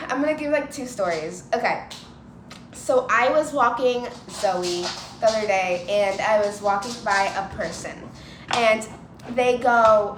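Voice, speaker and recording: A young woman with a fairly high voice tells stories to the camera in a loose, chatty way, dropping "like" into nearly every line. Her voice rings around an echoey room with steady background noise underneath. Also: measured pace. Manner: chatty, lots of "like", acts out quoted voices. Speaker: vlogger. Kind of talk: casual storytelling to camera.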